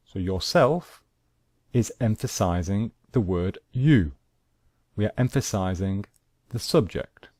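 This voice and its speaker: Slow, deep-voiced male English teacher. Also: lively intonation, darkish tone, no echo, clean studio sound. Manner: slow, deliberate, repeats examples. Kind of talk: grammar lesson.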